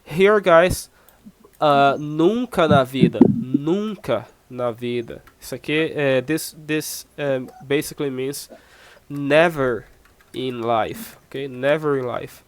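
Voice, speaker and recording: A man's voice: medium pitch, smooth. A Brazilian man, a native Portuguese speaker, teaching Portuguese phrases in English, patient and repetitive, checking understanding with "okay?". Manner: patient, repeats phrases often with "okay?" and slow drilled examples. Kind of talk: online language lesson.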